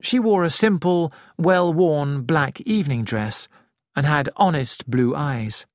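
A narrator reading an audiobook in a calm, measured, expressive manner. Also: mid-range voice, no room sound, studio quality.

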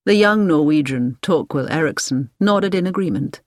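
Woman narrator, audiobook reading, measured, slightly low voice, dry sound. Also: lively intonation, darkish tone, dry recording.

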